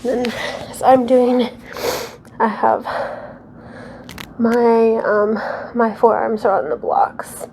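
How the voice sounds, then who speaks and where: A woman with a somewhat high voice leads a casual yoga class at home, slowly calling out poses. She is out of breath and sighs between her cues, chatting in a self-deprecating way. A faint hum sits behind her. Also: steady tone, darkish tone. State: out of breath and sweaty. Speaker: yoga instructor.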